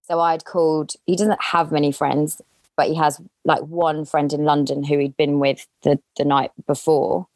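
A woman as a podcast guest, candidly telling a personal story in an animated way, acting out the lines she quotes. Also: deep voice, normal speed, no echo.

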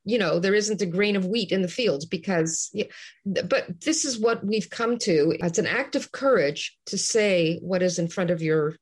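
A woman's voice: mid-range voice, moderate pace. Passionate, ranting female guest. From Canada. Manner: passionate, ranting, many restarts. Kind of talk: animated interview talk.

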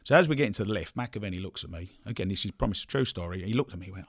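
A man from telling football stories in a relaxed, chatty way, laughing often. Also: low voice, racing, creaky, husky, dry recording, studio quality. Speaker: podcast guest, former footballer. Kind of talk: casual anecdote telling.

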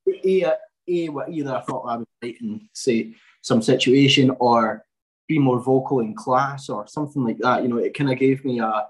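A Scottish man in his twenties is a podcast guest making casual chat, rambling through his story with lots of fillers and false starts. His voice is mid-range at a moderate pace, and the audio is poor.

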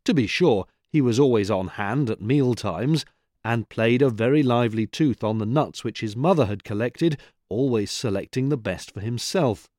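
A man's voice: mid-range voice, normal speed, darkish tone, dry recording. Man reading a storybook, dry sound. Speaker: reader. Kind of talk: scripted narration.

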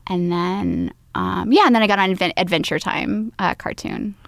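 A woman's voice: fairly low pitch, moderate pace, creaky, a bit bright, no echo. Easygoing woman guest, dry close mic. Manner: easygoing, laughs often, trailing off with ums. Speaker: comedian and voice actor, guest. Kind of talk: casual chat.

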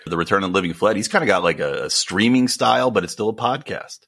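A man's voice: lowish voice, animated, fast talker, gravelly, a bit bright, breathy edge. A man co-hosting a casual podcast, joking and making sarcastic asides. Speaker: podcast co-host.

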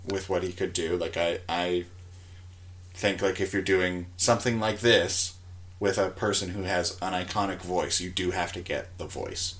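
A man chatting casually about a movie, earnest and defending his view with halting restarts. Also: deep voice, steady tone, fairly bright tone. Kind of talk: casual movie review chat.

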